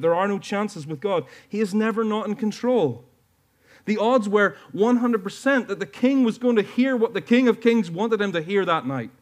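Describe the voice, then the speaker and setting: A man preaching a sermon to his church, earnest and building to emphatic peaks. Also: on the high side. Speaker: pastor.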